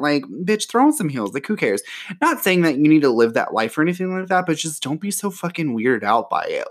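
A man's voice: a little high, big pitch swings, moderate pace. A man hosting a casual solo podcast from home, chatty and profane, with lots of fillers. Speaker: podcast host. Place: home near an airport.

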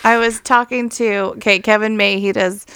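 A woman co-hosting a podcast in easy, giggly chat. Her voice is smooth and clear at a middle pitch. The recording is dry and close. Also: fairly even intonation, normal speed, a bit bright, no room sound. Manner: chatty, giggly, swears casually. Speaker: podcast co-host. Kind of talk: casual chat.

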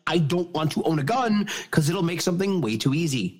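Sarcastic joking podcast co-host. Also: male voice, a little high, lively intonation, a little fast, soft background music. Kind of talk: casual chat.

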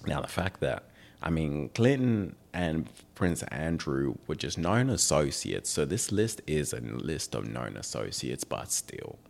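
A man's voice: a bass voice, very animated, a little slow, gravelly. A young man hosting a podcast, chatting casually in a rambling, joking, offhand way. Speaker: podcast host. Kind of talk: casual chat.

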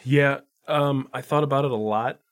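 A man's voice: mid-range voice, moderate pace. A man co-hosting a podcast, speaking thoughtfully and with some hesitation while reviewing a film. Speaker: podcast co-host. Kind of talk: casual film review chat.

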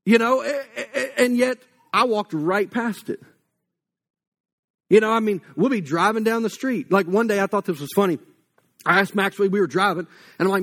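A man's voice: high voice, fairly quick. A man, giving a casual, story-filled sermon full of fillers. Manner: casual and anecdotal, many fillers like "like" and "you know". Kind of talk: conversational sermon.

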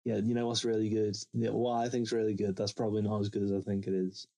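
Low-voiced sweary rambling guest. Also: male voice, completely flat delivery, quick pace, gravelly, warm tone. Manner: rambling, sweary, laughing, restarts often. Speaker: podcast guest. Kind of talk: casual banter. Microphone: headphone microphone.

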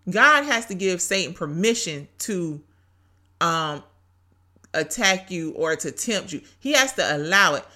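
Woman podcast host, faith talk, casual and heartfelt, lower voice, bright tone. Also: very animated, measured pace. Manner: casual, preachy, emotional. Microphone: home podcast mic.

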